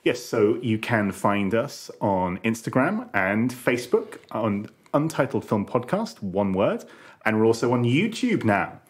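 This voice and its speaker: A man's voice: on the low side, big pitch swings, measured pace. Playful podcast co-host man. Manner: playful, plays along with jokes. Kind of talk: casual chat.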